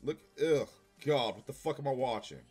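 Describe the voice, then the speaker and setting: A man giving a casual, profane, sarcastic review of a TV episode, exasperated and given to loud bursts of laughter. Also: medium pitch, lively intonation, normal speed, breathy edge, faint music behind. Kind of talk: casual ranting review commentary.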